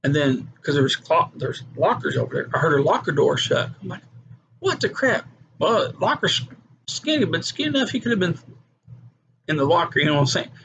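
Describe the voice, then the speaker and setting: Gravelly man telling his testimony. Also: on the high side, lively intonation, a little fast. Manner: earnest storytelling with acted quotes. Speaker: testimony speaker. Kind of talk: personal testimony. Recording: muffled with background noise.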